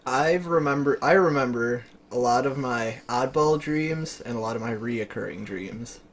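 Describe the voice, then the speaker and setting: A man's voice: medium pitch, normal speed. Laid-back man telling a dream story. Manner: laid-back, filler-heavy, uses "like" a lot. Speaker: podcast co-host. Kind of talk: casual chat.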